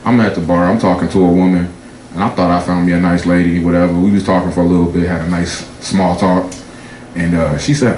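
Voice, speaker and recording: A man doing a profane stand-up set, telling loose stories and jumping high in pitch for his punchlines. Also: level tone, a little fast, darkish tone. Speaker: stand-up comedian. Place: comedy club stage before a laughing audience. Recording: echoey club room with crowd noise.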